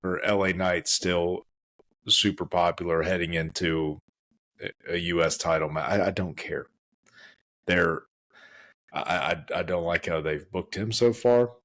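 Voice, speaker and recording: A man's voice: deep voice, fairly bright tone. A man co-hosting a podcast in casual chat, restarting his sentences often. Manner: halting, restarts mid-sentence. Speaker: podcast co-host.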